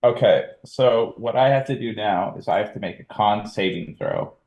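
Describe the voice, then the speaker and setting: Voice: medium pitch, moderate pace, darkish tone, roomy sound, muffled recording. A player at a tabletop game with a dramatic, joking manner. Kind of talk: casual tabletop game chat.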